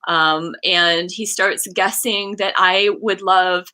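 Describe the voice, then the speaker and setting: A woman's voice: medium pitch, fairly even intonation, slow pace, pushed and bright, smooth. A woman in her forties, a coach, telling a heartfelt personal story in an interview and acting out the quoted lines. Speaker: guest, coach and card game creator.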